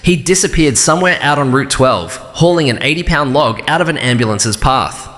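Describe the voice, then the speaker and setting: A man narrating a first-person story in a calm, even, measured way. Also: medium pitch, in a large hall.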